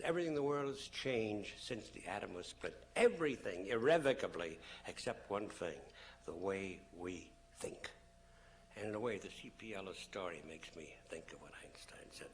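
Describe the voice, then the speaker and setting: A man giving a public lecture to an audience, telling stories animatedly and acting out the people he quotes. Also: low voice. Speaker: public speaker.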